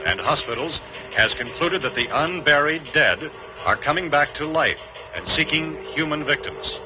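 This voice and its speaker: An actor playing a newscaster who reads an emergency bulletin in measured, grave tones. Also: male voice, mid-range voice, lightly acted. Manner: grave, measured announcer delivery. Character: grave male TV newsman reading an emergency bulletin. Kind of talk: 1960s film news bulletin. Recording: dull old film audio with music.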